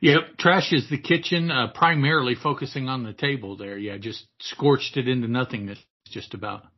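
Male podcast co-host, husky and halting, muffled lo-fi sound. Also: medium pitch. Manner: hesitant, restarts and fillers. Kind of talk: casual comic book discussion.

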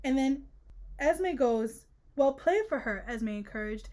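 Reading book passages aloud at a moderate pace, a high-voiced woman co-hosts a casual book-club podcast. Her delivery is animated, and she riffs on each quote with exasperated humor.

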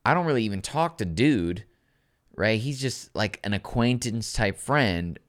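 A man's voice: on the low side, unhurried. A man hosting a podcast, swearing freely, laughing often and telling stories with animation. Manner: profane, laughs a lot, animated storytelling. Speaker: podcast host. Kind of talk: casual podcast chat.

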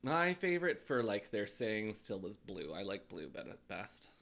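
A man's voice: fairly low pitch, big pitch swings, moderate pace, creaky, fairly bright tone. A young man co-hosting a podcast in casual chat, throwing out dry, teasing quips. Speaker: podcast co-host.

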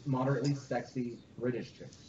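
A man's voice: medium pitch, level tone, fairly quick, darkish tone, slight background noise. A man co-hosting a casual podcast, teasing and jokey. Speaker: podcast co-host. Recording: echoey, dull lo-fi room recording.

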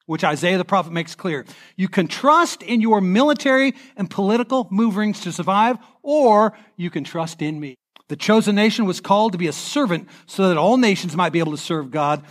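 A male pastor delivers a sermon to his congregation with a notably high voice. He preaches animatedly, slipping into quoted voices and asking the room to repeat phrases back. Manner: leads the congregation in call-and-response. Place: church sanctuary.

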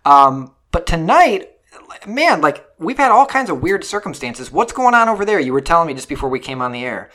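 Man, podcast host, lively swooping voice, bright tone, jokey and teasing. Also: on the high side, fairly quick. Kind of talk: casual chat.

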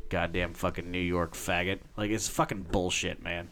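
A man co-hosting a podcast, ranting loudly and profanely in casual chat. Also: low voice, flat delivery, moderate pace, soft background music. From United States. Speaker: podcast co-host.

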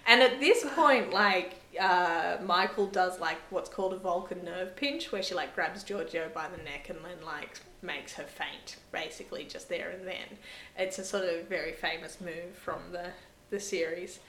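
A woman's voice: lowish voice, normal speed, fairly bright tone, a little hiss or hum. A woman hosting a casual chat, recapping an episode in a rambling way full of "like" and "sort of.". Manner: rambling, heavy use of "like" and "sort of". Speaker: podcast host. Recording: roomy echo.

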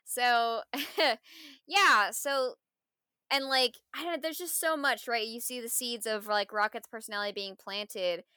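A woman's voice: fairly high pitch, measured pace, bright, forceful tone, clear, resonant tone, no room sound, clean studio sound. A woman co-hosting a casual film review podcast, talking thoughtfully and reflectively, full of "like" and "you know". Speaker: podcast co-host.

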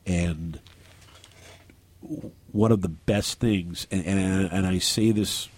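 An earnest male radio host speaks into a studio mic in a low, slightly husky voice. He stumbles and restarts now and then but keeps returning to his point. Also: slow pace, darkish tone, dry recording. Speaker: radio talk show host. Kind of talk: talk radio, on-air remarks. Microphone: studio microphone.

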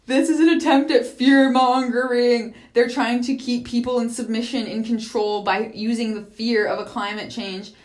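A woman's voice: fairly high pitch, steady tone, normal speed, hardly any pauses, a little mellow, lightly acted. A woman voicing the insistent, dismissive educated woman she argued with.

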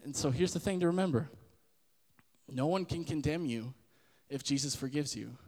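A man's voice: a little high, normal speed, darkish tone, long reverb tail. A man in his twenties giving a casual spoken sermon as a podcast host, earnest and conversational. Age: 20s. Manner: earnest and conversational, with frequent laughs and fillers.

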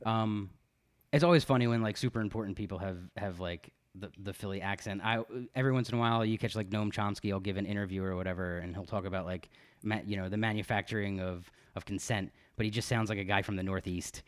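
A man's voice: on the low side, fairly even intonation, quick pace. Chatty Philadelphia man, rambling. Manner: rambling, chuckling, lots of fillers. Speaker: podcast host. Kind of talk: casual chat.

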